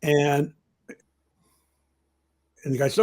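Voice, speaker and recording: Husky older man telling anecdotes. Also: medium pitch, steady tone, normal speed, pauses often, a little mellow. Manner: rambling storyteller, many "I mean, you know" fillers. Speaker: interview guest, journalism professor. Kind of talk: anecdotal conversation.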